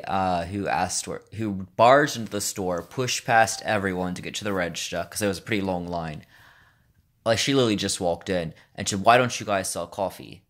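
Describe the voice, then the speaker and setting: Deep-voiced man with a put-on Russian accent. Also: fairly bright tone. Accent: Russian-style put-on accent. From United States. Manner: chatty, rambling, wry. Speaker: vlogger. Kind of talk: casual storytelling vlog.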